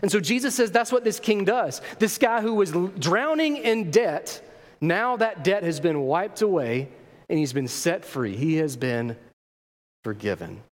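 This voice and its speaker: High-voiced preacher in a reverberant hall. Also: male voice, unhurried. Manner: animated storytelling, rhetorical questions to the congregation. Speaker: pastor. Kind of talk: sermon.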